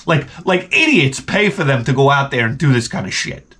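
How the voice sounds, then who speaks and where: A man's voice: mid-range voice, expressive, normal speed, sharp tone, slight background noise. A man hosting a video, rambling through a profane, comedic rant and often stumbling over his words. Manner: profane, digressive and exasperated; often repeats and restarts words. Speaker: video host.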